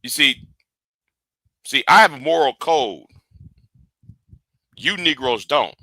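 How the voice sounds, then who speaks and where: A man's voice: medium pitch, expressive, slow, sharp tone, dry recording. A man hosting a livestream rant, lecturing his viewers and often repeating and restarting his phrases. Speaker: livestream host.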